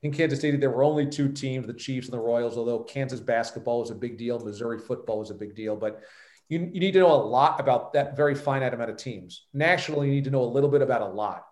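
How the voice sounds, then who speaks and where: A man's voice: medium pitch, a little mellow. Confident New man with a roomy sound. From New York. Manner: emphatic and self-assured storytelling. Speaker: guest, sports radio host. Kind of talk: podcast interview.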